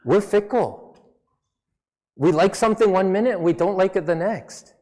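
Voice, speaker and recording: A man delivers a sermon in an easygoing, conversational manner, speaking English with a slight non-native accent. His voice sits a little high for a man. A long reverb from a church hall trails behind his words. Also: normal speed, mellow. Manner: conversational, self-deprecating preaching with mock voices. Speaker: pastor.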